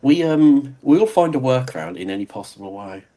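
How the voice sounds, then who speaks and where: A man's voice: medium pitch, big pitch swings, normal speed, dark tone, low-quality recording. A British man in casual conversation on a live stream, with dry, wry humor. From Britain. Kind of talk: casual chat.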